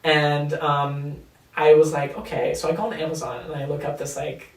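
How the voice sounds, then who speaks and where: A man's voice: on the high side, moderate pace. Young man telling a candid story, echoey. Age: young adult. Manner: candid, animated, swears freely. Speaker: guest. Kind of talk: casual storytelling interview. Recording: echoey room, distant mic.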